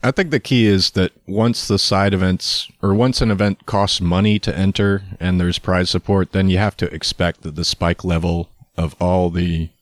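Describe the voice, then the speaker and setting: A man's voice: low voice, fairly even intonation, moderate pace, hardly any pauses, dry recording, clean studio sound. A man co-hosting a podcast, chatting casually and arguing in a wry, mock-serious way. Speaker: podcast co-host.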